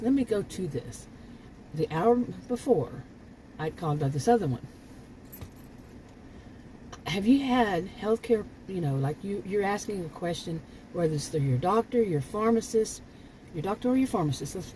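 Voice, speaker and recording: A woman's voice: mid-range voice, sing-song, moderate pace, dark tone, slight background noise, low-quality recording. An older woman vlogging in a casual, rambling monologue, often restarting her sentences and sounding frankly exasperated.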